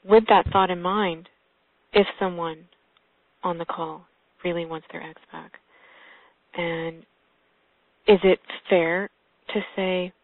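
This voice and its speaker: A woman's voice: fairly low pitch, fairly even intonation, slow, long pauses, no echo. A woman hosting a casual call, earnest, with small restarts. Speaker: host. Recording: tinny phone line.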